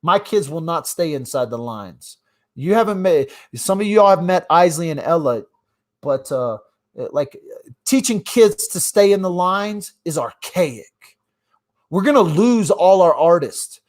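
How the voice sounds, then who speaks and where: Ranting dad on a phone livestream. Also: male voice, a little high, lively intonation, a little slow. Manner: ranting, swings between loud outbursts and mumbled asides. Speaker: livestream host. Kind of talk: casual live-stream rant.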